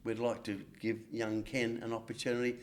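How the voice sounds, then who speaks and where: A man's voice: mid-range voice, little pitch movement, a little fast. An older Australian man, a guest on a sports chat show, telling long anecdotes with frequent stumbles and restarts. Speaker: guest, former cricketer. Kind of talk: storytelling in casual chat.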